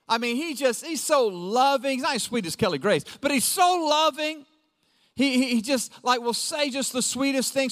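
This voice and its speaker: Middle-aged male pastor, high voice, lively conversational sermon, big hall reverb. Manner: lively and conversational, acting out quotes in a raised voice. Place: church auditorium. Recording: long reverb of a large hall.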